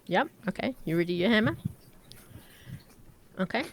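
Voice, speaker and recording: A woman narrating a tabletop game as game master, describing scenes slowly with halting fillers. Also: medium pitch, expressive, vocal fry, no echo.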